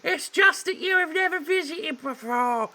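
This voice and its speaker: A man putting on a high falsetto to voice a young maid in a game. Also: a little slow, sharp tone, exaggerated voice. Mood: prim. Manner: shrill falsetto.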